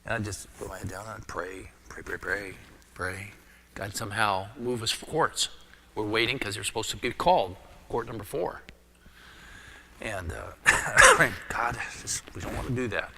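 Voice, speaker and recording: A middle-aged man preaching a sermon as a pastor, telling a personal story with lively energy and dropping his voice low for prayer. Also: moderate pace, creaky, slight background noise. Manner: animated storyteller, drops to a hushed voice for prayer. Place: church sanctuary. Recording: long church reverb.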